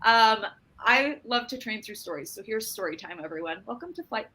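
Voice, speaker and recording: A woman from Utah, giving a business training talk and acting out an animated story with quoted dialogue. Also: a little high, normal speed, rough recording.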